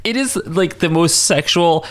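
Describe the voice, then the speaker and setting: Animated, swearing man podcast co-host. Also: a little high, measured pace. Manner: animated and incredulous, swears freely, reads out his own notes. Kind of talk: casual chat.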